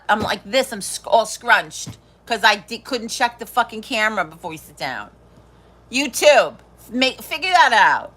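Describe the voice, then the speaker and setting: A woman's voice: a little high, animated, a little slow, pushed and bright, breathy edge. A middle-aged woman hosting a live stream, chatting casually, swearing freely and laughing often. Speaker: livestream host.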